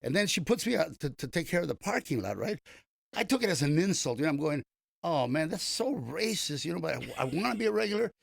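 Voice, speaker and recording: An older man with a gravelly, raised voice tells stories from his past as a guest in a radio interview. He talks casually and rambles, doubling back with restarts and fillers. The sound is close and dry. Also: fairly high pitch, very animated, quick pace, no echo. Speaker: comedian guest.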